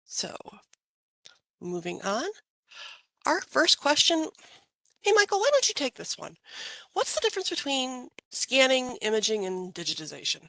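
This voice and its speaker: A woman's voice: sits high, sing-song, normal speed, gravelly, long pauses, a bit bright, no room sound, low-quality recording. A woman moderating an online question-and-answer webinar, upbeat and organized, speaking into a computer mic on a video call.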